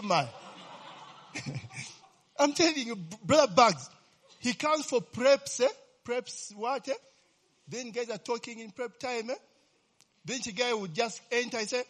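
A man's voice: high voice, animated, measured pace, long pauses, fairly bright tone, slightly rough. A man preaching a sermon in a chatty, joking way, often asking "eh?" and "amen?" to keep his listeners engaged.

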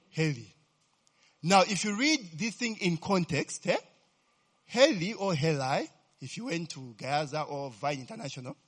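A man with a high, husky voice teaches a sermon at an unhurried pace. He keeps checking whether his listeners understand and repeats questions so they can call back the answer. Hallelujah and glory be to God punctuate his points. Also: a bit bright. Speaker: preacher.

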